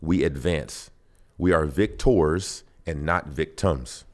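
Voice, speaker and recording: A man telling personal stories on a podcast in a lively way, acting out both sides of conversations. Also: rumbling low, slow pace. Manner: animated, acts out both sides of dialogue. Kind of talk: casual storytelling.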